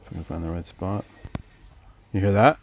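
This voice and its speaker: A man chatting on a livestream, quick to curse and grow frustrated when the tech fails. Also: sits low, slight background noise. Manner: profane, easily frustrated with tech. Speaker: co-host presenting film sound effects. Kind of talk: casual livestream chat. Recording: dull lo-fi dry audio.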